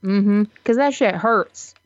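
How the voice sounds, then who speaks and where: A woman co-hosting a podcast in casual chat, animated and giggly, with drawn-out reactions. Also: medium pitch, no echo. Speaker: podcast co-host. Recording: slightly dull, dry recording.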